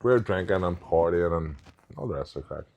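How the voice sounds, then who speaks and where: Deep-voiced man telling stories. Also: expressive, fast, vocal fry, muffled recording, slight background noise. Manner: anecdotal, quotes others in retold dialogue. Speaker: podcast guest, professional strongman. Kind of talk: casual storytelling chat.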